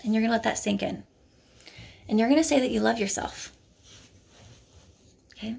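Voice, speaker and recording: With a fairly high, darkish voice marked by vocal fry, a woman delivers a motivational self-help talk to camera at a moderate pace, earnest and coaxing, checking in with "okay?". She's at home, moving to a bathroom mirror, with young children nearby and slight background noise.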